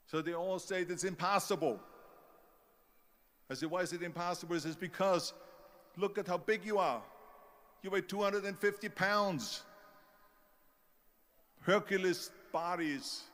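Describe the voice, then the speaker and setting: A man's voice: on the high side, fairly bright tone. An older man with an Austrian German accent giving a motivational speech and acting out the people who doubted him. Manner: storytelling, acts out quoted doubters. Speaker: motivational speaker. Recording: long hall reverb.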